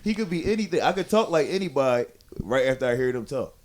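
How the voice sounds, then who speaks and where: A man co-hosting a comedy podcast, bantering loudly and playfully with lots of swearing. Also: mid-range voice, lively intonation, quick pace. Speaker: podcast co-host. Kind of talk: casual comedy chat.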